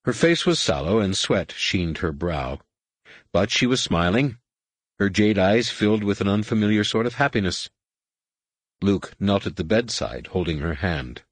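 A man narrating an audiobook in a measured storytelling read. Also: on the low side, lively intonation, slightly rough, no echo. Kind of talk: scripted narration.

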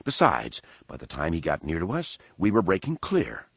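A man's voice: deep voice, huge pitch swings, normal speed, vocal fry, slightly rough, no echo, heavily acted. A man voicing a confident, resolute woman Jedi pilot in an audiobook, firm and blunt. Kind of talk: audiobook character voice.

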